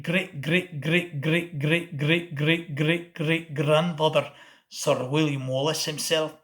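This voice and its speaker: Bright-voiced Oklahoma man hamming up accents. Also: fairly high pitch. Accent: Southern US. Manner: switches between put-on accents, playful. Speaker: host. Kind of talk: comedic monologue doing accent impressions.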